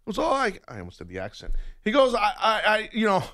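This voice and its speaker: A man's voice: high-pitched, fast talker. A man hosting a sports radio talk show, telling a long story and acting out every voice in it. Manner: animated storyteller acting out both sides of a confrontation.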